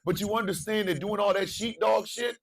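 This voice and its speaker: Fiery preachy man, gravelly voice. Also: high voice, steady tone, fairly quick, recorded from a distance. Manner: preachy, repeats phrases, swings from murmur to shouting. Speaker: morning show host. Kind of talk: impassioned monologue.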